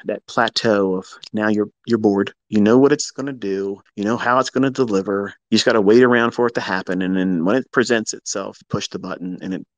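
A man's voice: fairly low pitch, fairly quick, few pauses, no room sound. Blunt, profane man lecturing traders. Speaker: trading educator. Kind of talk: live audio room talk.

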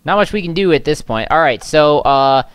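Young male host, excitable gameplay chatter, fairly high and animated. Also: clear, resonant tone. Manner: excitable, jokey, quick reactions. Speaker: let's play host. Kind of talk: casual gameplay chat.

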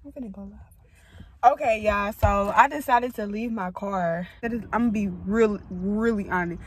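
A woman's voice: medium pitch, normal speed. A woman in her twenties filming a casual vlog in her parked car on a phone, rambling bluntly with lots of swearing while crying on and off. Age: 20s. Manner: rambling, emotional, blunt and profane. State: tearful, crying on and off. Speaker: vlogger.

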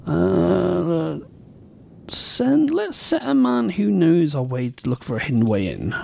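A man's voice: sits high, very animated, slow, vocal fry, mellow. A man hosting his own game show, chatting casually and rambling in a self-deprecating way while he plays. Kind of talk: casual gameplay commentary.

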